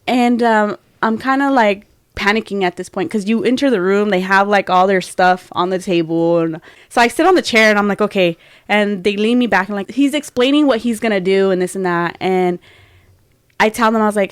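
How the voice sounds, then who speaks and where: A young woman co-hosting a casual podcast, telling an animated story that often breaks into laughter. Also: medium pitch, a little fast, smooth, no echo, clean studio sound. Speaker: podcast co-host. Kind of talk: casual chat.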